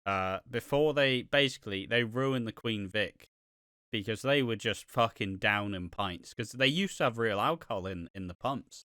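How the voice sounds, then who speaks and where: A man's voice: lowish voice, normal speed, bright, forceful tone, dry recording, clean studio sound. A man co-hosting a podcast in casual chat, candid and offhand with frequent swearing. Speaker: podcast co-host.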